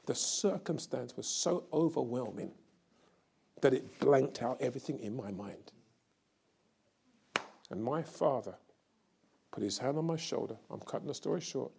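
An older man preaching a sermon with a gravelly, husky voice. He tells a story quietly and unhurried, then rises into loud, fervent declarations. His pitch sits in the middle of the male range. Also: animated.

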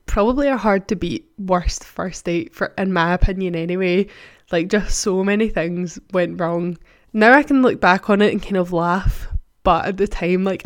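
A woman's voice: medium pitch, clean tone, no echo, studio quality. A young woman, hosting a podcast and telling a story in a casual, chatty way full of "like". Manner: chatty, full of "like" and "do you know what I mean". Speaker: podcast host.

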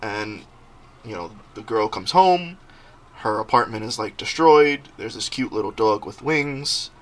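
A young man hosting a casual podcast, telling stories in an animated way and often laughing. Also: on the low side, a little slow. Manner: laughing, animated storytelling with quoted voices. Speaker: podcast host.

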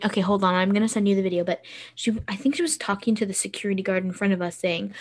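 Excitable woman co-host, gushing and chatty, rambles through her stories. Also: mid-range voice, quick pace. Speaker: podcast co-host. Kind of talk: casual chat.

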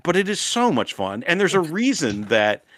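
A man co-hosting a podcast in casual chat, animated and often laughing. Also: fairly high pitch, normal speed, no room sound, studio quality. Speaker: podcast co-host.

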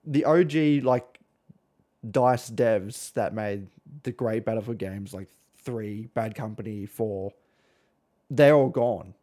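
A man's voice: lowish voice, takes it slowly, dark tone. A man with an Australian accent hosts a casual podcast. He rambles through asides and swears freely. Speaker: podcast host.

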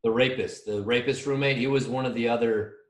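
A man in his thirties, co-hosting a casual podcast, telling a rambling, animated story full of restarts. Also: mid-range voice, fairly quick, recorded from a distance. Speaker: podcast co-host. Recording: echoey room, voice off-mic.

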